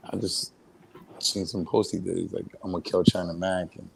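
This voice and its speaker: Deep gravelly husky man. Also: level tone, fairly quick, slight background noise, poor audio. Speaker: chat guest. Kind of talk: casual group chat.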